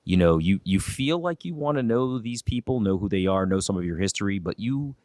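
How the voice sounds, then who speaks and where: A man hosting a podcast interview, reflective and measured, drawing out the words he wants to stress. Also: on the low side, lively intonation, darkish tone, no echo, clean studio sound. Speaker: podcast host.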